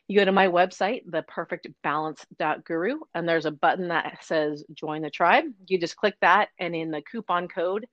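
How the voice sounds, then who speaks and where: A woman fitness coach chatting as a guest in an interview, upbeat and fast-talking. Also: on the low side, no echo, highs cut off. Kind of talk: casual interview chat.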